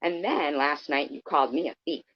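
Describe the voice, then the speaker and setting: A woman's voice: low-pitched, brisk, slightly rough, highs cut off. A woman in her fifties ranting on a livestream, sarcastic and combative, calling out viewers by name. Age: 50s. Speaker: live streamer. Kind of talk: confrontational livestream rant.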